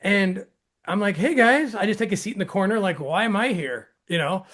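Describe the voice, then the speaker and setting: Animated man telling a story. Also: a little fast. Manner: excitable, acts out quoted dialogue with jumps in pitch; frequent restarts and laughter. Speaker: host.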